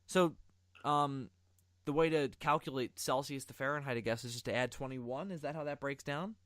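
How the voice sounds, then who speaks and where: A man's voice: mid-range voice, normal speed, fairly bright tone, no echo. A young adult man hosting a podcast, reading articles aloud in casual, rambling, profane chat with lots of asides. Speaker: podcast host.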